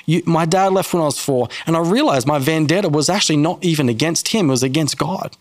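A man sharing a personal faith testimony in an interview, earnest and halting, with frequent restarts. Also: a little high, dry recording. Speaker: guest telling his testimony.

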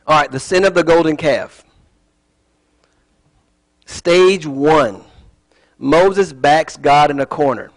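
Man, fairly high voice, relaxed sermon teaching with joking asides and tangents. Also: slow, pauses often, rough recording. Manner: chatty and digressive, with joking asides. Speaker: Bible teacher.

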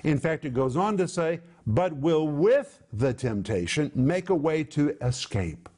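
A man preaching a sermon, emphatically explaining Greek words, slowing down and leaning on key words for stress. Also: on the high side, expressive, warm tone. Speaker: Bible teacher. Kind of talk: televised sermon.

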